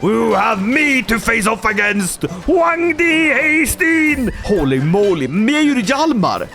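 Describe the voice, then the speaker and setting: A man giving energetic, jokey commentary on his strategy game playthrough, sometimes putting on voices for the characters. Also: extremely high pitch, takes it slowly, soft background music. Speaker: gaming YouTuber.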